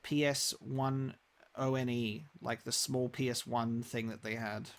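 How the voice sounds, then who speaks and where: A man's voice: mid-range voice, flat delivery, moderate pace. A young man chatting casually while live-streaming a game, rambling with many restarts.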